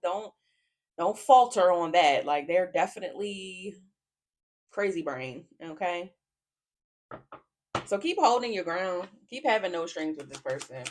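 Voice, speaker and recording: A woman giving a casual tarot reading to camera, blunt and profane, often cracking up laughing. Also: on the low side. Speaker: tarot reader.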